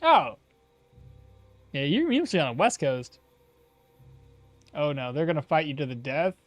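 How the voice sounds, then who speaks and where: A man talking to his stream chat while he plays, exasperated and often laughing. His voice sits high and swings widely in pitch. Faint game music plays quietly behind him. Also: big pitch swings, measured pace, dry recording. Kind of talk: casual live-stream commentary.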